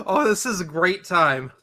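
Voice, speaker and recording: Bright, excitable man hosting a watchalong. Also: fairly high pitch. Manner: excitable, quick to laugh, counts down playback. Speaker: watchalong host. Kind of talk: casual group chat over a movie.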